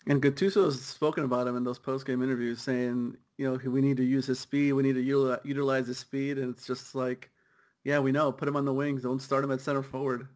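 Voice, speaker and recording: A young man co-hosts a soccer podcast in a loose, riffing chat. His voice sits at an ordinary pitch, and he keeps it light with quick jokes and laughs. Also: flat delivery, a little mellow. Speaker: podcast co-host.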